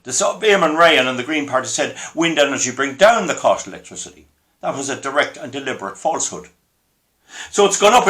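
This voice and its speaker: A man's voice: fairly high pitch, a bit bright. An older man with an Irish accent, talking to camera in a rambling, indignant monologue full of restarts. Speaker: commentator.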